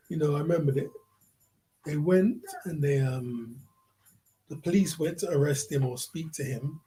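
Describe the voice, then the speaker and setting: A man's voice: fairly high pitch, dark tone, a little hiss or hum, low-quality recording. A man ranting in a vlog, profane and prodding the listener with repeated questions. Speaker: vlogger. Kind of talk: ranting commentary.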